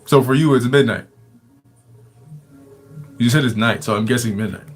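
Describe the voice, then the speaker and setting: Medium-pitched man in a casual livestream, loose and rambling, swears freely, leans on filler words and laughs often. He sounds like he is chatting off the cuff rather than reading a script. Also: normal speed, faint music behind. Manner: rambling and profane, many fillers. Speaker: livestream storyteller. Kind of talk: casual storytelling chat.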